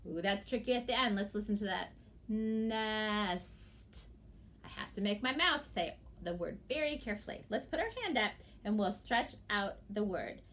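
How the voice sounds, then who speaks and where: A woman teacher giving a phonics lesson to young children, sounding out words slowly and praising often. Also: medium pitch, expressive, fairly bright tone. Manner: slow, exaggerated sounding-out of words; encouraging praise.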